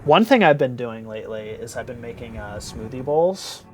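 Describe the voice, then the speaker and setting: A man's voice: mid-range voice, animated, moderate pace, a little mellow, faint music behind. A tired young man streaming live, chatting casually with viewers in a rambling, giggly way and playfully repeating words.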